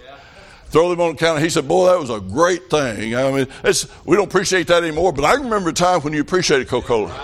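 Male revival preacher, country storyteller, emphatic, slightly high voice. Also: expressive, very fast, fairly bright tone. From rural farm upbringing. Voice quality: folksy country speech, fervent and emphatic. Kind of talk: revival sermon with folksy storytelling.

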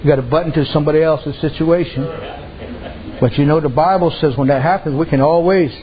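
A man's voice: fairly high pitch, fairly even intonation, a little fast, dull audio. A man preaching a sermon, telling folksy stories and dropping frequent amens.

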